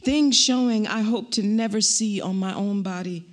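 A woman poet reading her own poem aloud at a live event, with a wry, rhythmic delivery and pointed pauses. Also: mid-range voice.

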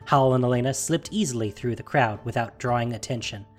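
A narrator reading a fantasy story aloud in a measured, steady storytelling manner. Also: mid-range voice, soft background music.

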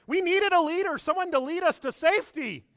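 A man voicing a panicky, selfish grown man who shouts and excuses himself after fleeing a fire. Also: very high-pitched, fairly quick, dry recording, studio quality, pitched above the performer's own voice. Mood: self-justifying. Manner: frantic, loud, self-justifying.

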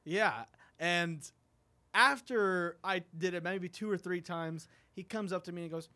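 A man's voice: sits high, a little slow. A man, a comedian co-hosting a podcast, telling a story in casual chat. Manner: storytelling, animated.

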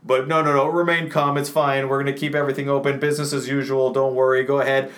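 A man voicing a smug, falsely calm male official who brushes off danger with dismissive, sing-song reassurance. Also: mid-range voice, quick pace, natural voice.

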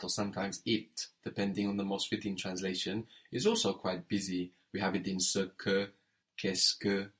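A man's voice: lowish voice, a bit bright. A man teaching French in an audio lesson, patient and methodical, prompting the learner and spelling words letter by letter.

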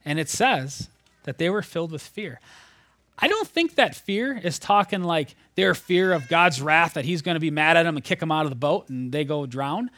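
A man preaching a sermon, retelling a scripture story in a conversational, animated way, sometimes dropping almost to a whisper. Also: on the high side, moderate pace, no room sound.

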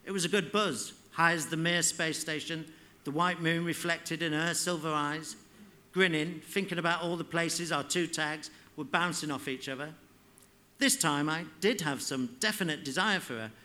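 A man reading his fiction aloud at a live literary event, in a measured, unhurried way. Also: fairly high pitch, pushed and bright. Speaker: author reading.

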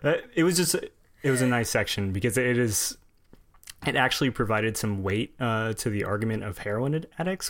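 A man from the United States chatting casually about films as a podcast guest, rambling with many fillers and restarts. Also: on the low side. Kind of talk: casual film chat.

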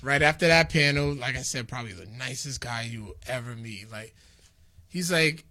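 Animated, bright-voiced man telling stories. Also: mid-range voice, moderate pace. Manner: animated storyteller, laughs often, acts out quotes. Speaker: podcast guest recounting a convention. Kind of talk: casual chat.

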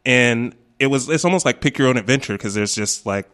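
A man's voice: medium pitch, fairly quick, a bit bright, clean tone, natural voice. A man voicing a bewildered wanderer who travels through volcano tunnels, talking hesitantly in an improvised comedy sketch. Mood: rambling. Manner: hesitant, rambling, laughs at himself.

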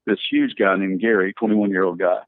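A man's voice: low voice, brisk, no echo. A man, a pastor and church planter, telling stories in a rambling, filler-heavy way during an interview. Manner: rambling, many fillers and restarts, lively storyteller. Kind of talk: animated storytelling in a podcast interview. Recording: dry, tinny phone-like line.

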